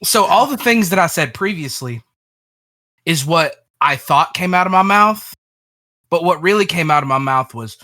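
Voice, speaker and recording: A man's voice: a little high, expressive, normal speed, bright, forceful tone, dry recording, studio quality. A man playing a tabletop role-playing game, chatting casually and joking about his dice. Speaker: player.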